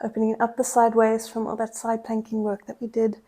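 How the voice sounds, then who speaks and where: A woman's voice: fairly high pitch, completely flat delivery, fairly quick, dark tone. A young woman leading a pilates class with short exercise cues and countdowns. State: out of breath. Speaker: pilates instructor. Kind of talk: cueing a workout class.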